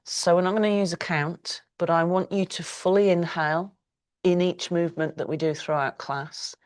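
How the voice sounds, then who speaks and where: A middle-aged woman teaching a yoga class, giving slow, calm breathing cues with long pauses. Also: lowish voice. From United Kingdom. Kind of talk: guided yoga class instruction.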